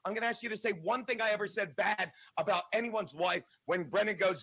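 A man's voice: high-pitched, fairly quick, few pauses, a bit bright, breathy edge. A man ranting combatively and profanely as a livestream guest.

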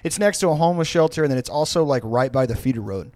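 A man's voice: mid-range voice, lively intonation, quick pace, darkish tone, no room sound. A man telling a story on a podcast, rambling and profane with many fillers. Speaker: podcast co-host. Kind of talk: casual storytelling.

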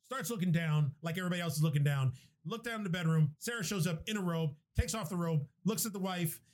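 A young man animatedly retelling a film to a co-host, his voice sitting a little higher than the average man's. He talks casually and swears freely, rambling and restarting as he goes. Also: fast. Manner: animated, profane movie retelling. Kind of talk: casual chat.

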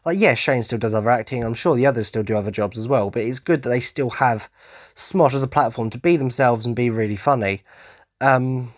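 A man's voice: mid-range voice, fairly quick, no room sound. Rambling male podcast host, dry mic. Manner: rambling and tangential, with many "like" and "you know" fillers. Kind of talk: solo rant-style podcast chat.

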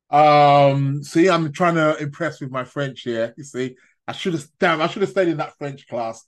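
A man hosting a casual live stream, his voice sitting a little high for a man. He rambles, trips over his words and laughs at his own asides, in a loose, chatty way. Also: normal speed. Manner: rambling, stammers and restarts, laughs at own jokes. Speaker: astrology live-stream host.

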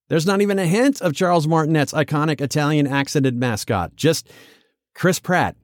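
Male podcast host, casual and animated, with a very lively pitch, recorded dry and close. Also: no echo. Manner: animated, chatty, jumps into quick character voices. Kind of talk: casual solo podcast commentary.

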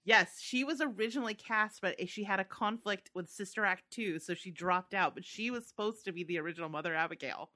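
A woman's voice: mid-range voice, a little fast, hardly any pauses, bright, forceful tone. A woman co-hosting a podcast, chatting in an easygoing way with lots of filler words. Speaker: podcast co-host. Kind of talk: casual chat about a TV adaptation.

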